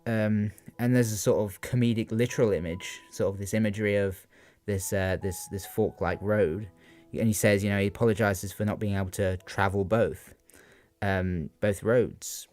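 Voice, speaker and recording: Young man, lowish voice, unscripted revision talk, halting and questioning, faint music behind. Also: fairly even intonation, darkish tone, no echo. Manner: hesitant, many ums and rhetorical questions. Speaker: student giving exam revision.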